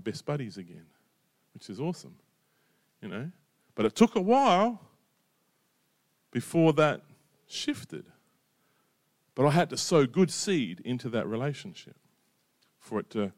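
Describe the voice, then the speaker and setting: A middle-aged pastor delivers a sermon in a relaxed, conversational way, frequently checking in with listeners and dropping in "right?" and "you know." His voice sits at an ordinary middle pitch, and the sound is dry and close, with no room echo.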